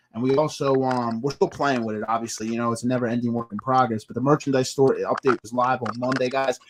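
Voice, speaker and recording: Podcast host, man, rapid casual rambling, faint hiss. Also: medium pitch, fairly bright tone. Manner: rambling, repeats himself, quotes movie lines. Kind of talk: casual live podcast chat.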